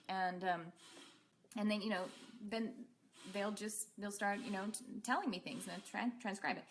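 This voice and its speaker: A woman's voice: medium pitch, fairly even intonation, moderate pace, fairly bright tone, slight background noise. A woman teaching a casual online class as an animal communicator, rambling along with many fillers and restarts.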